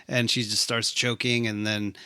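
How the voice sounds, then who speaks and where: A man's voice: lowish voice, flat delivery, normal speed, bright, forceful tone, smooth, dry recording, studio quality. A man co-hosting a casual movie recap chat, swearing freely and acting out the characters' lines. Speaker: podcast co-host.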